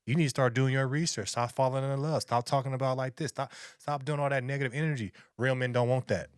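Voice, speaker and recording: A man's voice: medium pitch, steady tone, fast talker, clean tone, no room sound, clean studio sound. A man, lecturing and repeating himself as he reacts to a video. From Long Beach, California. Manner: lecturing, preachy, repetitive. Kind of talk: reaction commentary.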